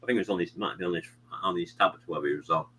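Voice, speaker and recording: A British man hosts a live stream, rambling through casual chat full of fillers and "you know what I mean." His deep voice is rapid-fire and sharp-toned, with a breathy edge, on a rough recording.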